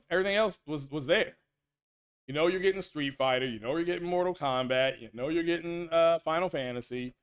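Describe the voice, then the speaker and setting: Animated high-voiced man ranting about games. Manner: animated, rambling, repeats himself, reads chat names aloud. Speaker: gaming commentary host. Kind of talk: casual solo stream commentary.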